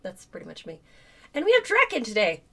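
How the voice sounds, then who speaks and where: A woman's voice: on the high side, wildly swooping pitch, a little fast, gravelly, a bit bright. A woman hosting a live stream in casual chat, hungover, laid-back and laughing. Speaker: stream host.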